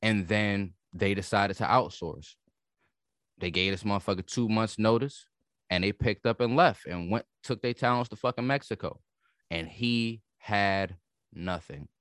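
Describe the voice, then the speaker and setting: A man's voice: lowish voice, measured pace, a bit bright, no room sound, clean studio sound. A man co-hosting a podcast in casual chat, heated and profane as he argues back. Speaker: podcast co-host.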